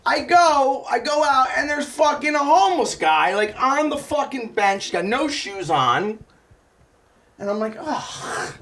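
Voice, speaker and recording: Animated high-voiced young man telling stories. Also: unhurried, distant mic. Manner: animated storytelling, swearing, laughing. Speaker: podcast co-host. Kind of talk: casual comedic chat.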